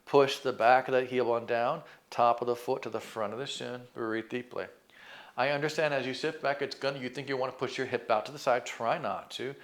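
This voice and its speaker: Male fitness coach, mid-pitched, calm and patient, talks students through each move. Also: fairly quick. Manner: calm, coaching cues with counting and encouragement; self-deprecating asides. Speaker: fitness instructor. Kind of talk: exercise class instruction.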